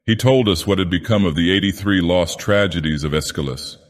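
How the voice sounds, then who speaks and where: A man voicing an ancient godlike male villain who narrates a storybook tale with a slow, grand, theatrical delivery. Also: sits low, lightly acted. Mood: grandiose. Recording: long cavernous reverb.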